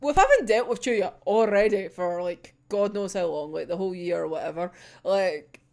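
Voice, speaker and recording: A woman's voice: medium pitch, normal speed, creaky. A woman casually recapping a manga chapter, laughing often and swearing freely. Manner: giggly, sweary, animated storytelling. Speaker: manga reaction vlogger.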